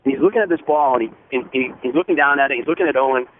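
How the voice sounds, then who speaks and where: A man eagerly telling a proud story as a phone-in guest, earnest and rushing, restarting his sentences. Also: mid-range voice. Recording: tinny phone line with faint noise.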